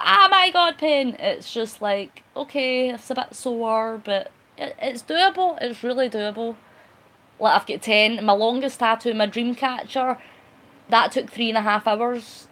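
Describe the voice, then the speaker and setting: A vlogger runs a relaxed live-stream chat, answering viewer comments one at a time. Her voice is somewhat high for a woman, and she's talkative, a little cheeky and quick to laugh.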